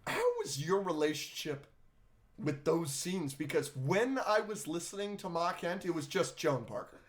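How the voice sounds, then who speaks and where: A man co-hosting a podcast, chatting excitedly about a film, gushing and swearing freely. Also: fairly high pitch, moderate pace. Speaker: podcast co-host. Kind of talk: casual film review chat.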